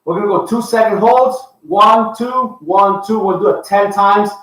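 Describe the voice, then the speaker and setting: A fitness coach leading a live workout, counting reps aloud and giving upbeat cues. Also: male voice, high voice, normal speed, a bit bright. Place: home workout space with a dog. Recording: echoey room, far from the mic.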